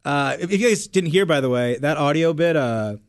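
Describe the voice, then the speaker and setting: A male radio show host bantering casually with his co-hosts in a joking, animated way. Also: a little high, a little fast, dry recording, clean studio sound.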